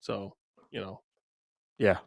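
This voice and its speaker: A man co-hosting a livestream, bantering playfully with quick quips. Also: lowish voice, flat delivery, gravelly, no room sound. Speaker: livestream co-host. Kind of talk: casual chat.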